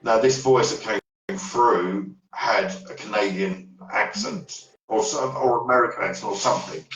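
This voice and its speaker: Deep-voiced man, echoey and distant. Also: lively intonation, normal speed, fairly bright tone, a little hiss or hum. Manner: rambling storyteller, trails off and restarts. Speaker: paranormal investigator guest. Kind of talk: casual podcast chat. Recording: echoey room, far from the mic.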